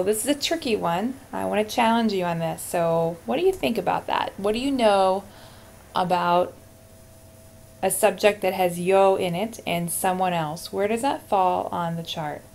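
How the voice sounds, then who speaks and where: A woman's voice: mid-range voice, measured pace, vocal fry, darkish tone. A woman teaching Spanish verb endings in a screencast lesson, encouraging and talking her students through each answer as she types. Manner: encouraging, talks through typing.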